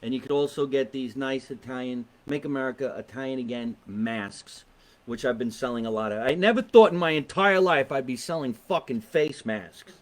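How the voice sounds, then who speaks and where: A man's voice: mid-range voice, normal speed. A man with a New Jersey accent hosting a live online comedy talk show from his basement, brash and joking with viewers, swearing freely. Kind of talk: casual live-stream chat. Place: home basement.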